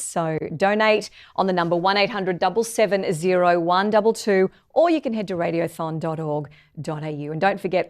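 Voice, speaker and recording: A woman's voice: fairly low pitch, gravelly. Upbeat woman presenter reading out donation details. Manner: upbeat and enthusiastic. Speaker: fundraiser presenter. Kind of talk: upbeat appeal announcement.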